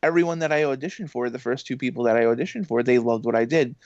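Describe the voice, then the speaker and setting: A man, a voice actor and games journalist, telling rambling podcast stories in an excitable way, full of fillers and acted-out quotes. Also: mid-range voice, fast talker, no room sound. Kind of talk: casual podcast storytelling. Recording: muffled dry podcast audio.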